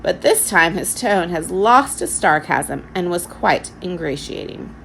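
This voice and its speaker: A woman teacher reads a children's storybook aloud with expressive narration. Her low voice carries a gravelly edge and a lively, rising-and-falling melody. Faint noise runs under the reading. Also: unhurried, poor audio.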